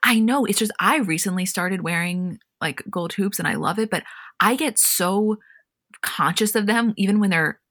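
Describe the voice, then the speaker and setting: A woman co-hosting a recap show, chatting casually and reading scenes aloud in an animated way. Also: mid-range voice, normal speed, dry recording, studio quality. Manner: animated, reads quotes verbatim with frequent "like". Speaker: podcast co-host.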